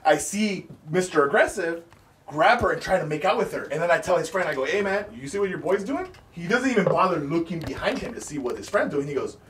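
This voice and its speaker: A man hosting a podcast, telling a story in an animated, profane, casual way. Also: a little high, quick pace, echoey room, recorded from a distance, slight background noise. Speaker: podcast host.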